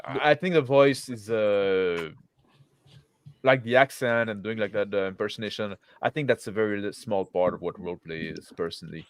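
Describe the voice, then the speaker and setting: A man's voice: fairly low pitch, no echo. Hesitant man hosting a chat stream. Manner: hesitant, restarts often, reads chat slowly. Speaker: stream host reading chat. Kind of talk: casual group chat.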